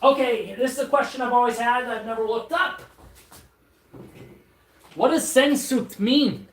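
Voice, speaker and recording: While assembling furniture on a live stream, a streamer chats casually in a rambling, self-mocking way, stammering and restarting often. The medium-pitched voice is unhurried. It sounds distant and off-mic, with roomy echo and faint noise.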